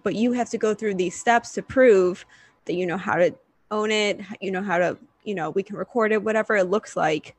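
A woman's voice: medium pitch, moderate pace, husky, no echo. Woman host with a dry, close sound. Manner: relaxed, conversational, uses fillers like "you know". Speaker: podcast host. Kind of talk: casual conversation.

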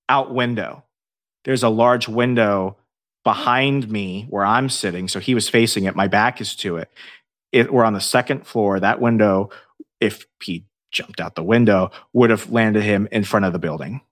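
Male podcast guest, low-ish voice, profane animated storyteller. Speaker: podcast guest, paranormal investigator. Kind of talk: casual storytelling.

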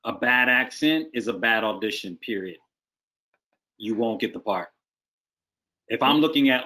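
A man's voice: medium pitch, animated, a little slow, long pauses, bright, forceful tone. Frank, emphatic male casting director. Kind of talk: advice in a video-call interview. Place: video call.

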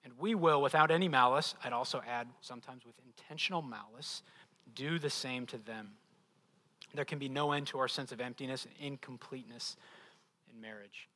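A middle-aged male pastor giving a sermon, telling stories with animated, self-deprecating humor. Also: mid-range voice.

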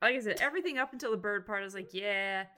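A woman's voice: medium pitch, rapid-fire, crowd noise. A woman co-hosting a podcast, chatting casually and dropping wry, sarcastic quips. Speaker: podcast co-host. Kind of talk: casual chat.

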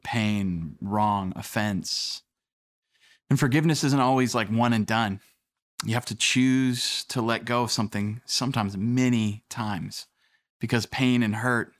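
A young adult man preaching a sermon, telling stories in a relaxed, conversational way and acting out quotes. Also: on the low side. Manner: conversational storytelling with acted quotes. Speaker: pastor.

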